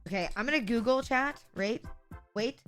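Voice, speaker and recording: A woman's voice: fairly high pitch, moderate pace. Woman streamer, giggly, sarcastic, rambling, faint background music. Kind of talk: casual live-stream chat.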